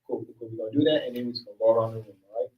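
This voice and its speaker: A man's voice: mid-range voice, steady tone, rapid-fire, muffled recording. A man facilitating a workshop, leading a room of people through affirmations in an upbeat, encouraging, casual way. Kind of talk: leading group affirmations and exercises. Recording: picked up from a distance.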